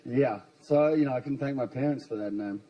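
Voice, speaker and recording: An actor from Australia with an Australian accent, chatting easily as a talk show guest and laughing at himself. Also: male voice, mid-range voice, a little fast, crowd noise, rough recording. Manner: easygoing, laughing, self-deprecating. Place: TV studio with live audience.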